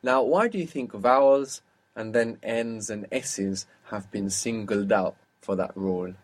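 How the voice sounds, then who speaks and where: A man leads an audio language lesson, explaining spelling and stress step by step. He pauses to quiz his student and walks through each answer patiently. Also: lowish voice. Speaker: language teacher.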